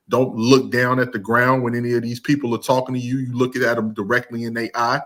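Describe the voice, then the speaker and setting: A man's voice: mid-range voice, pushed and bright. A man hosting a casual commentary talk, blunt and emphatic, often restarting his sentences. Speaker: host of commentary channel.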